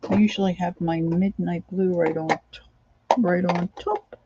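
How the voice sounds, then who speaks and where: A woman's voice: on the low side, fairly even intonation, a little slow, lo-fi sound, heavy background noise. A middle-aged woman chatting casually as she works on a craft project, rambling on and answering viewers' comments.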